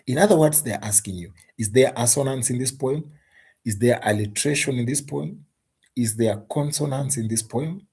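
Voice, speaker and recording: With a low, mellow, slightly husky voice, this male English teacher runs an exam tutorial at a moderate pace. He stresses his words, goes over key points more than once, and poses rhetorical questions to the class.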